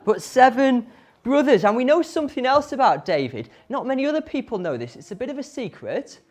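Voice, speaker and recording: A woman telling a Bible story to children in an animated way, often asking them questions. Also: high voice, a little fast. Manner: animated, asks the audience questions.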